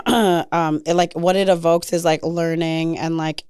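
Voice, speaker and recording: A woman with a hoarse, strained voice that sits on the low side, talking hesitantly with lots of fillers. Her voice is close and dry, with no room sound. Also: little pitch movement, slow, dry recording. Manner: hesitant, filler-heavy, gentle. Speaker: podcast co-host. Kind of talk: casual chat.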